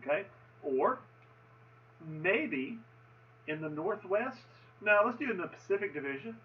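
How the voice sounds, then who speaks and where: A man's voice: high-pitched, lively intonation, measured pace, distant mic, muffled recording. A man casually commenting on a sports video game's franchise settings, enthusiastic and often repeating himself. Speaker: gaming video host.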